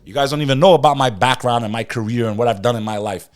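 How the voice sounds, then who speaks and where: A man hosting a podcast, ranting in animated news commentary and talking straight to his live chat. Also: medium pitch, quick pace. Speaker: podcast host.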